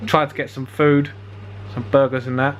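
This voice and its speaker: A man's voice: medium pitch, flat delivery, normal speed. A young man telling a rambling story casually, laughing often and swearing freely. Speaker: vlogger.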